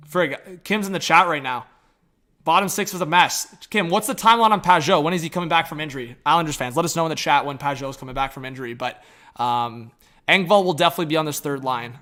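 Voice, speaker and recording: Hyped young guy streaming live, bright high voice, slangy, keeps talking to chat. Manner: excitable, slangy, talks straight to chat. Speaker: livestream hockey commentator. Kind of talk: live reaction commentary.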